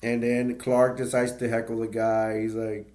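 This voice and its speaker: A man's voice: mid-range voice, monotone, normal speed, a little mellow. A man casually retelling a movie's plot as a reviewer, rambling with many fillers, restarts and brief laughs.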